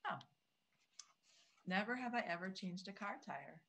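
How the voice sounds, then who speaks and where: A woman's voice: mid-range voice, animated, a little slow, a bit bright. A woman co-hosting a podcast in casual chat, talkative and self-deprecating, often restarting her sentences. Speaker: podcast co-host.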